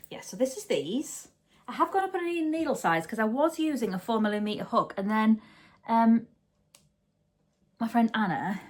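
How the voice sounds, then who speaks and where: A woman chatting casually at home as host of a knitting podcast, rambling and often correcting herself. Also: mid-range voice. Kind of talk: casual chat.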